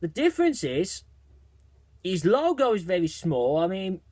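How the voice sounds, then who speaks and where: A man with a fairly high voice talks through a movie trailer in a casual video review. He gets excited and rambles, circling back and restarting his sentences. The sound is close and dry, with no room around it. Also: measured pace, no room sound.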